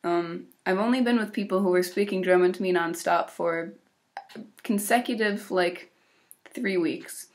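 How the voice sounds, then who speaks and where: A woman's voice: lowish voice, steady tone, normal speed. A teenage girl from Illinois with an American accent, talking casually and upbeat in a video diary about her exchange year. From Illinois, USA. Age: teens. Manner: chatty, upbeat, with fillers and small laughs. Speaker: exchange student vlogger.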